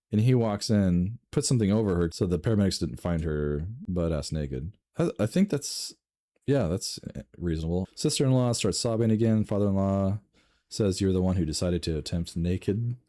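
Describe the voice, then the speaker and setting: A man reading online stories aloud and reacting with laughs, swearing and sudden jumps in pitch. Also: normal speed, warm tone. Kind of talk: casual reading and commentary.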